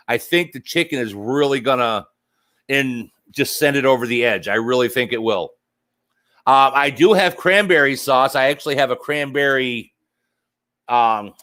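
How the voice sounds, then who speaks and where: A man's voice: mid-range voice, fairly bright tone. A man hosting a casual livestream, rambling and joking as he answers viewer comments. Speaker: livestream host.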